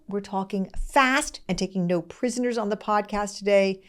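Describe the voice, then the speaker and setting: A middle-aged woman hosting a podcast, talking fast, candid and expressive, close to tears as she speaks. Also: mid-range voice. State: tearful, close to crying. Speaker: podcast host. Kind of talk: conversational podcast talk.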